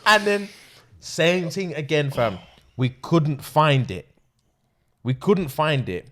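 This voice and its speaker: Excitable young man telling a story. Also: fairly high pitch, slow, long pauses. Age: 20s. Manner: excitable, laughing often, acts out quotes. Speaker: podcast host. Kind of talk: animated storytelling.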